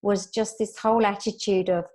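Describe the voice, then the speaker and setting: A woman's voice: medium pitch, steady tone, normal speed, mellow. Frank woman podcast host. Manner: frank and opinionated. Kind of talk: casual chat.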